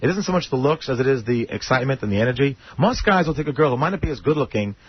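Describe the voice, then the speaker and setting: A man's voice: medium pitch, lively intonation, very fast, breathy edge, no room sound. A man being interviewed as a guest on a radio show, talking in rambling sentences full of restarts. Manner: rambling, many restarts, chuckling. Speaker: guest, adult film performer. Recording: muffled radio broadcast.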